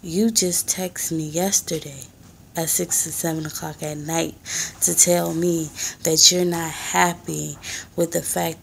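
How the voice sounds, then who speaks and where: A young woman in her twenties talks straight into her phone in a cramped apartment, rambling in a hushed, soft-spoken way. Her voice is low and gravelly with a lot of fry. She takes her time and drags each thought out slowly. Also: a little hiss or hum. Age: 20s. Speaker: vlogger and mother. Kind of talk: casual rambling vlog. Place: small apartment.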